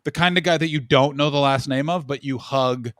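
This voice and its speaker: Brief: North American male host, quick jokey asides, bright voice. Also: mid-range voice. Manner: quick, joking, animated asides. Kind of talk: casual chat on a livestream.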